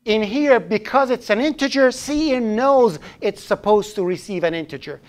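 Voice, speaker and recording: A man's voice: high-pitched, lively intonation, normal speed. A man teaching a programming class live in a classroom, chatty, often restarting phrases and throwing in joking asides. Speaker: programming instructor.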